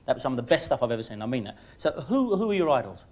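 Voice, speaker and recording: A man hosting a comic chat show, excitable, stammering and laughing loudly. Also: medium pitch, rapid-fire.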